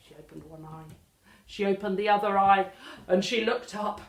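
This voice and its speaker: A woman with an English accent telling a children's story as a library storyteller, animated and full of dramatic gasps. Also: medium pitch, normal speed, background noise. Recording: echoey room.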